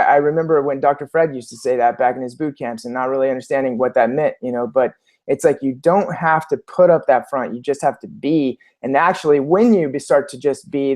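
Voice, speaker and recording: A man co-hosting a live show, chatting in a relaxed, friendly, agreeable way. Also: mid-range voice. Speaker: co-host. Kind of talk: casual live show chat.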